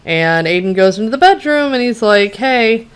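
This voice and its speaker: A woman's voice: medium pitch, lively intonation, fairly quick, clear, resonant tone. Blunt, sarcastic woman ranting about TV. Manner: chatty, many "you know" and "like" asides. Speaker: TV show reviewer. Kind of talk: casual rant recapping an episode.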